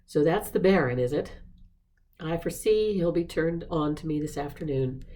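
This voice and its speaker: Woman reading a brisk outspoken young lady. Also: low voice, warm tone, natural voice. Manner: brisk, blunt.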